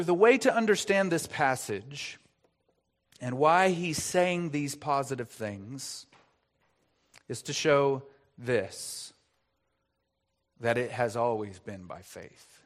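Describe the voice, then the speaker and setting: A man's voice: on the high side, a bit bright. A man preaching an expository sermon as pastor, earnest, asking rhetorical questions and stressing key words.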